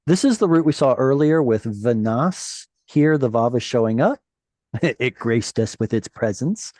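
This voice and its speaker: Encouraging male Hebrew tutor, mellow voice. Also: medium pitch, animated, unhurried, no room sound. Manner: encouraging, corrects pronunciation gently. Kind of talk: patient one-on-one reading lesson. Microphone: video call.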